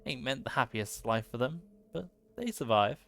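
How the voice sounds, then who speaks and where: A man puts on a burly bearded brawler from a video game, friendly and folksy, who calls people lad. The voice sits a little above his usual pitch and is read with plain, homely warmth of manner. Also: animated, moderate pace, creaky, faint music behind. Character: gruff bearded male brawler trainer, friendly.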